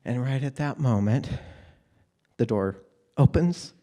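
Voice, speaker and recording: A man's voice: mid-range voice, slow. Candid man telling a wry story. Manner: candid, wry, animated retelling. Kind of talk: live personal storytelling.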